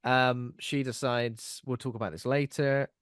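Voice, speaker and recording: A man's voice: medium pitch, a little slow, no echo, clean studio sound. A man co-hosting a podcast, casually retelling a film scene and acting out the characters' lines. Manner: animated retelling, acts out lines. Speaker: podcast co-host.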